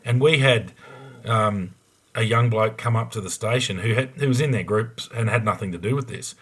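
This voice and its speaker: A man's voice: fairly low pitch, normal speed, a bit bright, breathy edge. An Australian man, a former police investigator, telling a case story on a podcast in a blunt, frank way with a lot of ums and restarts.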